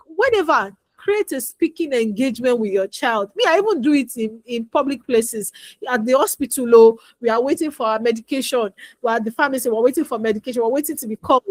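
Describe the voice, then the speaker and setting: A woman's voice: sits high, fairly quick, dry recording. A woman coaching parents in a chatty talk full of stories, repeating her advice and acting out little dialogues. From Nigeria. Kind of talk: instructional talk with anecdotes.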